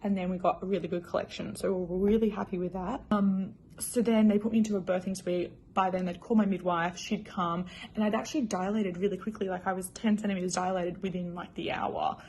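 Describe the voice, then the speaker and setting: A woman's voice: lowish voice, fairly even intonation, brisk, few pauses, a little mellow, a little hiss or hum. A young woman casually telling her personal story in a chatty, emotional way, full of fillers. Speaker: new mother.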